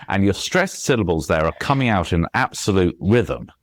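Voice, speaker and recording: A man's voice: low voice, moderate pace, hardly any pauses, dry recording. A man, a guest author explaining language in casual chat and tapping out rhythms aloud. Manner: demonstrates rhythms aloud, animated and playful.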